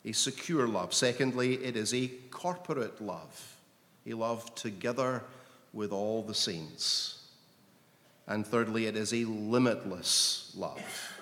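A man preaching a sermon slowly and emphatically, his voice swelling with intensity on key phrases. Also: lowish voice, a bit bright. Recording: long hall reverb.

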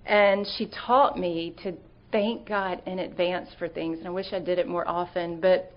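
A woman's voice: on the low side, fairly even intonation, normal speed, highs cut off. A middle-aged woman giving an earnest, conversational sermon talk, telling stories with fillers and restarts.

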